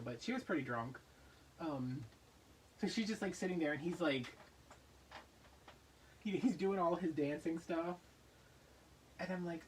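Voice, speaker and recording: A man hosting a craft vlog, telling a story in a casual, animated way and acting out voices in his anecdotes. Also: on the high side, unhurried, long pauses, recorded from a distance, slight background noise, low-quality recording. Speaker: craft channel host.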